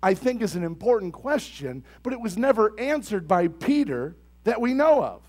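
Young male pastor, high animated voice, conversational sermon that swells into forceful emphasis. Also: normal speed. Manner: builds to loud emphatic bursts; conversational, asks the congregation questions.

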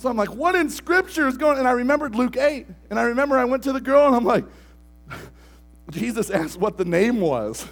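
A man preaching a sermon as pastor, moving between hushed, near-whispered lines and loud, shouted storytelling. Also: very high-pitched, animated, fairly quick, rough recording.

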